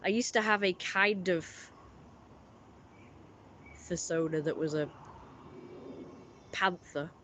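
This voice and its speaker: Streamer host, mid-pitched, chatty and rambling, restarts a lot, faint hiss behind. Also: takes it slowly, long pauses, sharp tone. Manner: rambling, self-correcting, friendly. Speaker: livestream host. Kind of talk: casual livestream chat, reading viewer messages.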